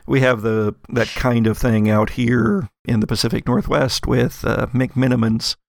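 A man narrating as game master in an actual-play show, laid-back and halting with fillers. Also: medium pitch, steady tone, gravelly, dry recording, clean studio sound.

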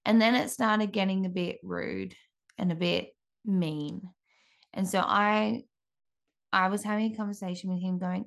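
A woman in her thirties, a mother, giving an earnest, gentle devotional talk with frequent restarts. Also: mid-range voice, steady tone, a little slow, vocal fry.

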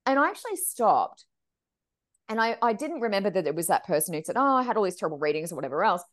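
Animated woman medium, casual podcast guest, acts out quotes, very lively pitch. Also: fast. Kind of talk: casual storytelling chat.

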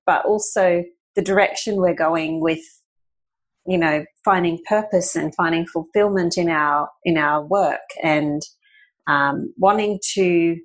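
A woman's voice: fairly low pitch, low-quality recording. A woman hosting a casual podcast interview, asking long, rambling questions and often correcting herself mid-sentence. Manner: rambling, self-correcting questions full of "you know". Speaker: podcast host.

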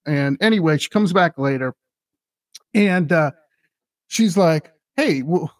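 A podcast host tells a story in casual chat, eager and rambling, restarting often. His voice sits on the high side and moves slowly, recorded at studio quality with no room sound.

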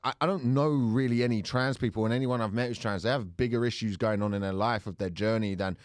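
A man's voice: lowish voice, steady tone, fast talker, no room sound, studio quality. Blunt, sweary South London man. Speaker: podcast co-host. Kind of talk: casual chat.

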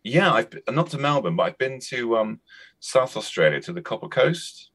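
A man's voice: medium pitch, big pitch swings, normal speed, fairly bright tone. A Cornish man in his forties, a guest actor and comedian, chatting casually and telling anecdotes. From Cornwall. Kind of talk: casual chat.

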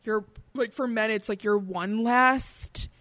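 A woman's voice: a little high, takes it slowly, a bit bright. A woman co-hosting a podcast in casual chat, rambling and filling nearly every phrase with "like". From American Midwest. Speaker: podcast co-host.

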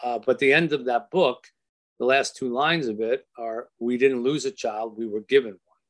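An older man, an author, telling a personal story in an earnest, halting way, with many restarts and soft trailing phrases. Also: medium pitch, fairly even intonation.

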